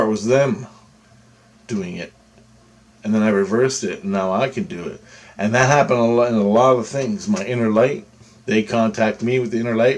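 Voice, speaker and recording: A man's voice: fairly low pitch, darkish tone, a little hiss or hum. A man vlogging a personal story to camera in a loose, rambling way, full of asides.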